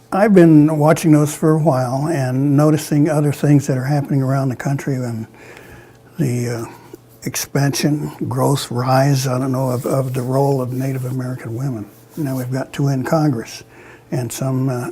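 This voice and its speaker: A man's voice: mid-range voice, fairly even intonation, normal speed, warm tone. A man hosting a radio interview, asking questions in a hesitant way with many fillers. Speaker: radio show host.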